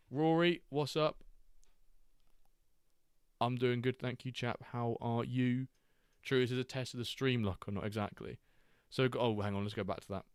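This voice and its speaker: A man hosting a live game stream, chatting casually, greeting viewers and reacting excitedly to player stats. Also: mid-range voice, clear, resonant tone, no echo, studio quality. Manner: chatty, reacts to chat readers by name, quick excited asides. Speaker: streamer host.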